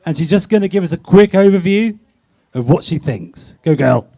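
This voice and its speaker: A man hosting a live tech meetup game, excitable and laughing, with quick countdowns. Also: fairly high pitch, no room sound. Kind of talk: lively game-show style hosting.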